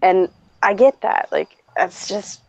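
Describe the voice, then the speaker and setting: A woman's voice: medium pitch, slow, a little mellow, no room sound. A woman telling a story in casual chat, blunt and profane, laughing often as she talks. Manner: blunt, swears freely, laughs often while talking. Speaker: streamer host. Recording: dull lo-fi dry recording.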